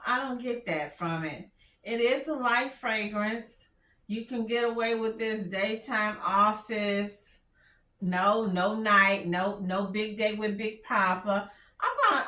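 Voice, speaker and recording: Chatting openly about fragrances, this woman speaks with a Texan country drawl and often begins sentences over. The product review is casual; her voice is mid-range and sharp, captured with a roomy sound.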